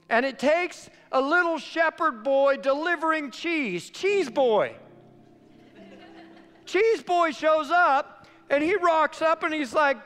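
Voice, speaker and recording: A male pastor preaching a sermon, telling a story with animated shifts between loud and quiet. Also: very high-pitched. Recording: long hall reverb, faint music.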